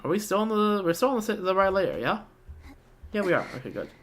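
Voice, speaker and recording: A woman's voice: medium pitch, very animated, a little fast, slight background noise. A woman chatting casually and joking while playing through a game. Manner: chatty, joking, talks to herself. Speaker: game streamer. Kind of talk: casual gameplay commentary.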